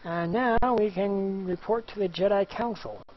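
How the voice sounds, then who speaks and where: A man's voice: high-pitched, moderate pace, lo-fi sound. A man casually commenting on a game he plays, joking and chanting little repeated words. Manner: playful, jokey, sings little chants. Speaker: gameplay commentator. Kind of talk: casual let's-play commentary.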